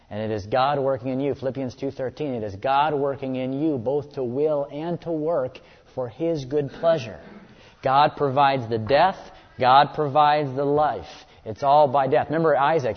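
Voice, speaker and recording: A man's voice: medium pitch, moderate pace. A man preaching a sermon earnestly, often repeating words as he presses a point. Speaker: pastor. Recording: echoey hall, dull lo-fi sound.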